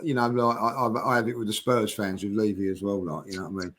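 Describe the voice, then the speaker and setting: A man's voice: fairly low pitch, little pitch movement, fast talker, fairly bright tone. A man arguing in a football fan debate, stammering and restarting as he talks. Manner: hesitant, stammering restarts, apologetic.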